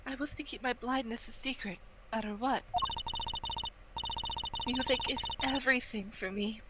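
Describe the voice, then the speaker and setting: A woman reading as a calm blind singer. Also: fairly high pitch, moderate pace, heavy background noise, natural voice. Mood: solemn. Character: calm blind female singer witness, gentle, composed. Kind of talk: reading game dialogue aloud on a stream.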